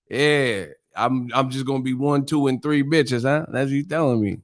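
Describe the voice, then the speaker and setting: A man hosting a live stream and bantering with his chat in a profane, teasing, animated way. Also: medium pitch, moderate pace, few pauses, no room sound, studio quality. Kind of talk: casual live stream commentary.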